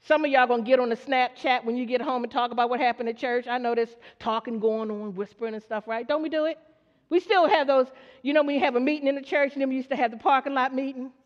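Speaking quickly in a high voice with fairly even intonation, a woman delivers a sermon, questioning her congregation call-and-response style and voicing the characters in her story. It was captured in a church hall on a dull lo-fi recording with long reverb.

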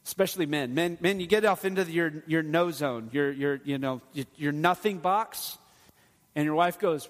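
A man's voice: a little high, moderate pace. A middle-aged man, a pastor, preaching a sermon in an earnest, conversational way with touches of humor. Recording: long hall reverb.

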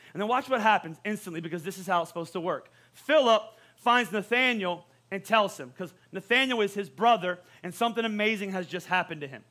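A man preaching a sermon as a pastor, conversational and joking, with quick asides to the congregation. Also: high-pitched, sharp tone.

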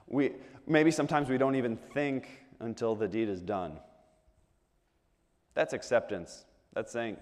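Preacher with long hall reverb. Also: male voice, medium pitch, measured pace, pauses often. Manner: conversational, asks the audience rhetorical questions, repeats words when restarting. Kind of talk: sermon.

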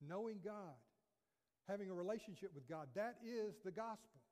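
High-voiced man preaching in a reverberant hall. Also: moderate pace, darkish tone. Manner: earnest preaching, quoting scripture, rhetorical questions. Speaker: pastor. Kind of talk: sermon. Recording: long reverb of a church hall.

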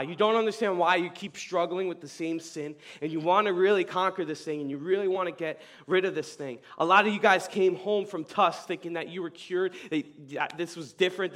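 Animated young man preaching to youth. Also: fairly high pitch. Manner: animated, slangy, swings from loud excitement to quiet earnestness. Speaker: youth pastor. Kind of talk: casual youth sermon with storytelling.

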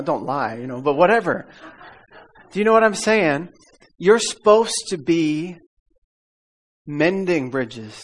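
Folksy preacher man calling for amens. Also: medium pitch. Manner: folksy, calls for amens and audience repeats; laughs often while telling stories. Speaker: pastor. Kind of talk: conversational sermon.

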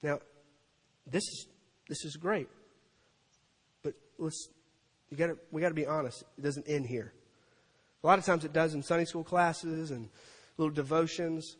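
A man preaching a sermon as pastor, animated and dramatic, acting out crowd voices and scripture quotes. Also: a little high, moderate pace, pauses often. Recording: long reverb of a large hall.

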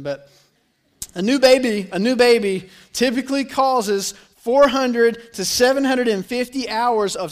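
Young male pastor, light high voice, chatty sermon with acted-out bits. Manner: conversational, animated storytelling with acted-out voices.

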